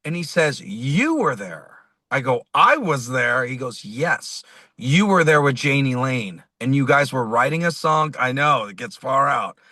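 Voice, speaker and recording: A man's voice: mid-range voice, measured pace, no room sound. A man, a musician being interviewed, telling a rambling story and acting out the dialogue as he goes. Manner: animated, rambling, acts out quoted dialogue. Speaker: musician guest.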